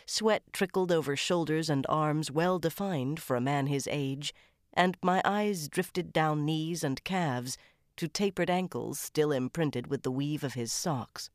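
A woman narrating a crime novel audiobook in the first person with a measured, even-paced reading. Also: sits low, no echo, clean studio sound.

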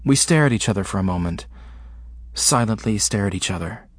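A man narrates a first-person audiobook in short, broken phrases with an intimate hush. His voice is husky and sits a little low. The recording is close and dry, with no room around it. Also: animated, no room sound. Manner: halting, fragmented, intimate delivery.

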